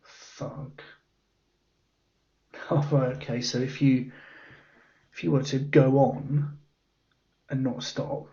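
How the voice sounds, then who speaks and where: This crossword solver speaks slowly in a level, warm, mid-range voice, leaving long pauses as he muses over cryptic clues half to himself. The recording is dull and lo-fi.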